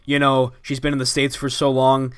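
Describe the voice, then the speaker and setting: Bright, dry-sounding young man joking. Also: medium pitch, completely flat delivery, normal speed, clean tone, no echo. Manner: wry, joking, rambling asides. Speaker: podcast co-host. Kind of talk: casual wrestling chat.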